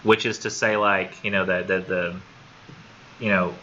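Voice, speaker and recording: A man's voice: sits low, level tone, measured pace, bright, forceful tone. A man teaching a college literature class, talking casually and thinking aloud, often repeating words as he goes. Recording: dull lo-fi classroom recording with faint noise.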